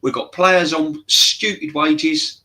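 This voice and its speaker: A man's voice: fairly high pitch, steady tone, takes it slowly, sharp tone. A man as a guest on a fan show, arguing his point earnestly and insistently. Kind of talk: heated football fan discussion.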